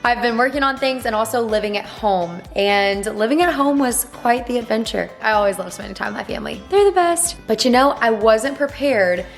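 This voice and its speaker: Her voice is on the high side and animated, with vocal fry, a fairly quick pace and few pauses. She's a woman in her twenties doing a casual, bubbly vlog chat to camera from a swing chair at home in Dallas, playfully aside to viewers, as soft music plays behind her.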